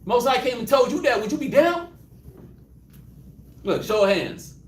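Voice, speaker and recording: Man, Southern US accent, animated Bible teacher, echoey room, distant mic. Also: very high voice, normal speed. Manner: animated, acts out prayers, laughs often. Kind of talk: interactive Bible study teaching. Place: room with a live group.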